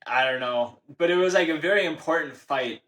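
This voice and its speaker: A man's voice: on the high side, brisk, a bit bright. A man on a casual book club podcast, musing hesitantly with many fillers.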